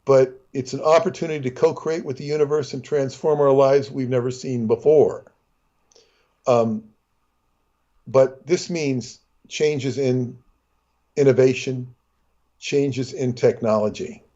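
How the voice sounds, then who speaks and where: A man's voice: medium pitch, steady tone, unhurried, warm tone, highs cut off. A man telling stories and talking astrology in casual chat, rambling with many restarts and breaking into character voices. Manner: rambling, full of fillers and restarts, acts out voices.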